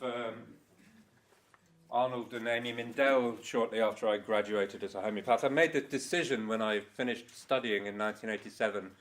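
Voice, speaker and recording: A man's voice: medium pitch, fairly bright tone, a little hiss or hum. An older man giving a loose, rambling conference talk, swearing now and then and laughing at his own stories. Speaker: conference speaker. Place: conference hall.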